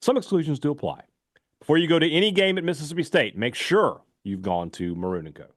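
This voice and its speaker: A man's voice: on the high side, lively intonation, quick pace, dry recording, clean studio sound. Chatty sports radio host man. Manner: chatty, loose, rambling ad reads with fillers. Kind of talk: casual radio talk with live ad reads.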